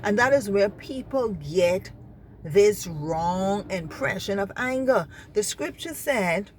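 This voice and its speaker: With a mid-range voice and lively intonation, a woman from the Bahamas talks slowly over faint background noise. Her passionate reflection on faith and anger is earnest and repetitive, punctuated by "you understand?" to her listeners.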